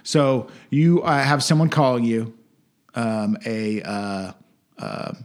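A man's voice: mid-range voice, expressive, takes it slowly. A man co-hosting a podcast who rambles in casual chat and poses hypothetical questions. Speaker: podcast co-host.

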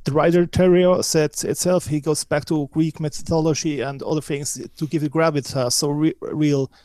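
A man's voice: fairly high pitch, fairly even intonation, normal speed, darkish tone, no room sound. Emphatic, opinionated male podcast guest. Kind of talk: casual podcast chat.

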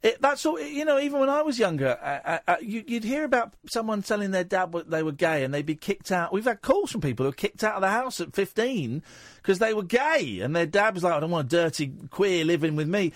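A man hosts a late-night phone-in from a radio studio, his voice pitched high and leaping all over the place. He talks in an excitable, jokey way. The studio sound is close and dry. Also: fairly quick, no room sound. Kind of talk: casual talk radio chat. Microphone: studio microphone.

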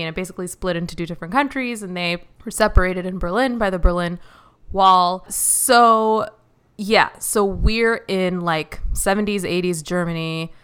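A woman's voice: mid-range voice, fairly bright tone, clear, resonant tone. Dry-humored woman on a casual podcast. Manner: dry, joking, laughs easily. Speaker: podcast co-host. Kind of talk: casual movie podcast chat.

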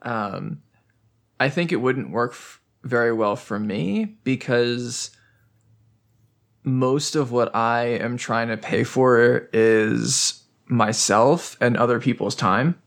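A man's voice: mid-range voice, takes it slowly, fairly bright tone. A man on a podcast thinking aloud, hesitant and thoughtful with many fillers. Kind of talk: casual chat.

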